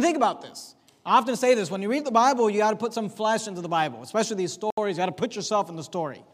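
A man's voice: extremely high pitch, a bit bright. A man preaching a sermon as pastor, with emphatic delivery that acts out the people in the story. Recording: reverberant hall.

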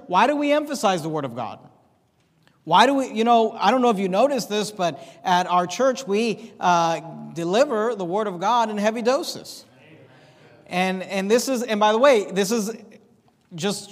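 A man's voice: high-pitched, long reverb tail. A man preaching a sermon as pastor of his church, with an emphatic, repetitive cadence. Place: church sanctuary.

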